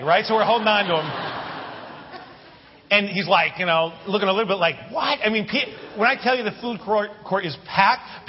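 High, husky-voiced pastor preaching. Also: male voice. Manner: animated, anecdotal with humorous asides to the congregation. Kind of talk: sermon storytelling. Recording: muffled sermon audio with long hall reverb.

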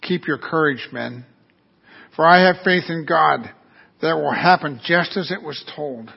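A man's voice: on the high side, unhurried, vocal fry, breathy edge. A man preaching an earnest, storytelling sermon. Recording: dull lo-fi recording.

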